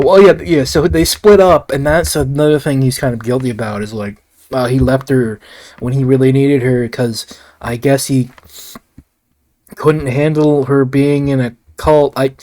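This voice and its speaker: A man's voice: medium pitch, darkish tone. Rambling, profane male film reviewer. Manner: rambling, profane, frequent restarts and asides. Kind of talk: casual solo review ramble.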